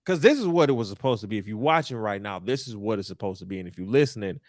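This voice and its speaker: A young man hosts a New York sports talk podcast, and his rant is emphatic, repetitive, and exasperated. His voice sits fairly low and sounds animated, moving at a quick pace. The recording is dry, with clean studio sound.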